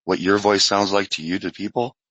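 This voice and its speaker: A man's voice: on the low side, fairly even intonation, brisk, a bit bright, husky, no echo, highs cut off. A man in casual online group chat, joking and slangy.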